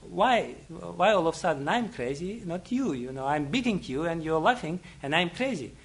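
A man's voice: a little high, animated, normal speed, slightly rough. A man voicing an angry house owner who demands answers with one question after another. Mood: baffled. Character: enraged rich house owner, baffled.

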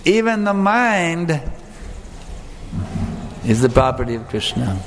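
A man's voice: a little high, big pitch swings, slow pace. Male speaker, emphatic devotional lecture, reverberant hall, light background noise. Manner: earnest, emphatic, asks the audience questions. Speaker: spiritual teacher. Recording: long hall reverb, faint room ambience.

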